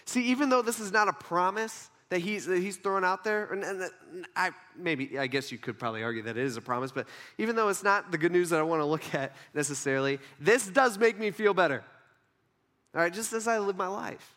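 A man preaches a sermon in a high-pitched, somewhat bright voice, talking a little fast. He keeps it conversational and playful, acting out the people in his story by doing their dialogue in voices.

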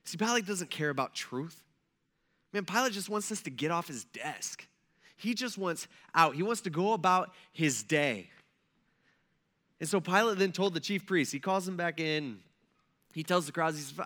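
A man preaching a sermon in a conversational, animated way, acting out the people he tells about. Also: sits high, normal speed. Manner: conversational, animated, acts out quotes. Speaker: pastor.

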